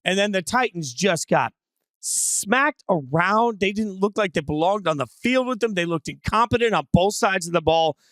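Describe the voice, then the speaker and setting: A man's voice: sits high, expressive, normal speed, a bit bright, no room sound. A middle-aged man hosting a casual sports analysis chat, opinionated and brash in his calls. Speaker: sports show host.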